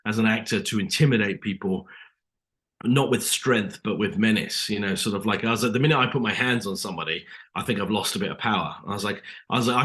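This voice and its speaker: A man's voice: on the low side, fast talker, a bit bright. A man with an English accent, a guest actor talking casually in an interview, rambling with lots of fillers. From England.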